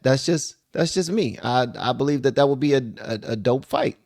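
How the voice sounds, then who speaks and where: A man's voice: mid-range voice, animated, normal speed, hardly any pauses, a little mellow. A man hosting a reaction commentary show, talking into a desk microphone and often repeating himself. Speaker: channel host.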